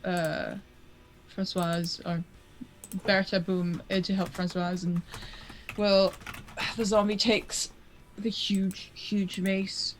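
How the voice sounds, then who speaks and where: A woman playing a tabletop role-playing game, describing her character's actions slowly and hesitantly. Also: medium pitch, level tone, slight background noise, low-quality recording. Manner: slow and hesitant, searching for words. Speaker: player.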